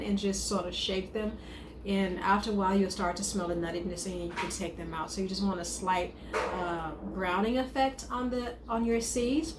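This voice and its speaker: A woman who is a chef and wellness coach, giving casual advice on eating, often repeating and rephrasing her points. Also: mid-range voice. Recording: echoey room with faint noise.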